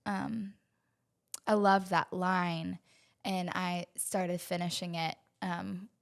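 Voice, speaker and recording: A woman from West Virginia, a singer-songwriter guest, talking openly and hesitantly with many pauses in a relaxed interview. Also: on the low side, clean tone. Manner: soft-spoken, open, hesitant with many ums. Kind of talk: casual interview chat.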